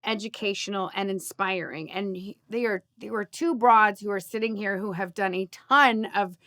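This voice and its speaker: A woman's voice: mid-range voice, steady tone, moderate pace, fairly bright tone. A woman hosting a casual podcast chat as a coach, gushing and enthusiastic, laughing often.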